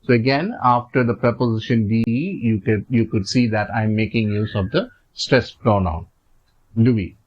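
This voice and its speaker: A man's voice: lowish voice, normal speed. Patient Indian-accented male French teacher. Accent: Indian English. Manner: patient, repeats points with many fillers. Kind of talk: explaining grammar over slides. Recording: slightly dull lo-fi recording.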